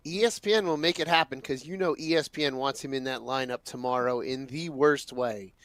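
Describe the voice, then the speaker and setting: A man's voice: mid-range voice, fairly bright tone, no room sound. Guy co-hosting a hockey pod, telling a story, dry close sound. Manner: anecdotal, halting. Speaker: podcast co-host. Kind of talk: casual storytelling chat.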